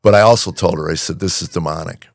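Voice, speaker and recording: A man with a deep, gravelly voice chats as a podcast host. He talks in halting bursts full of fillers and restarts. The sound is close and dry, with no room around it. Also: no room sound. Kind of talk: casual chat.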